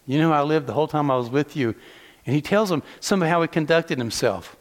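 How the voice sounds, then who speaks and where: A pastor from the southeastern United States preaches a sermon to his congregation in a large church hall, his voice fairly high and brisk. He mixes teasing asides with rhetorical questions.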